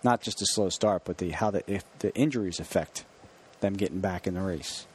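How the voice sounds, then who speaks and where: A man co-hosting a sports radio show, giving thoughtful analysis in a relaxed way. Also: low-pitched, brisk, slightly rough. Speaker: radio co-host.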